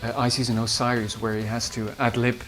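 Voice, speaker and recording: His mid-range voice shows little pitch movement and is slightly fast and a bit bright. The speaker is a Dutch-accented composer from the Netherlands looking back on his singers in an interview, hesitating with many fillers and restarts while faint guitar music plays.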